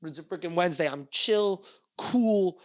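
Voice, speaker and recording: A man hosting a solo podcast, rambling casually, losing his train of thought and then rushing ahead in excited bursts. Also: sits high. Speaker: podcast host.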